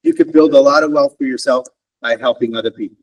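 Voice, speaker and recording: Picked up by a distant microphone at an online event, a male guest speaker who works as a wealth advisor talks fast in a steady, mid-range voice. He motivates students about careers, calling them "guys" and frequently asking "okay?" or "right?" to keep them engaged.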